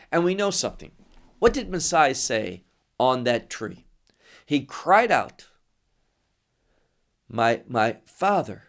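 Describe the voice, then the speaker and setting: A man teaching through scripture verse by verse, explaining each phrase in a measured way and pausing between short phrases. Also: medium pitch. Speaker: Bible teacher.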